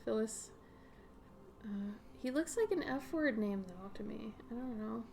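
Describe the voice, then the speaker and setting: Young woman, slightly higher voice, giggly and rambling, casual art-stream chatter. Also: animated, measured pace, gravelly, darkish tone, slight background noise. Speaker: artist streamer. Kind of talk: casual chat while drawing.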